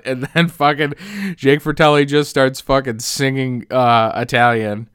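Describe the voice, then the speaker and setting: A man's voice: medium pitch, little pitch movement, a little slow, fairly bright tone, smooth, dry recording, clean studio sound. A man casually recapping a film as host, rambling with many fillers, laughing and swearing as he goes.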